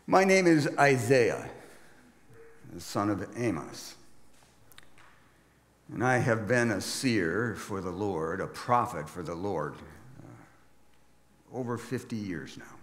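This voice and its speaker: Man as burdened old prophet, deep voice, grave and wry, long church-hall reverb. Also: full character voice. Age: 70s. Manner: grave, reflective monologue with wry asides. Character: aged male prophet, weary and burdened. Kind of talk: dramatic first-person sermon monologue.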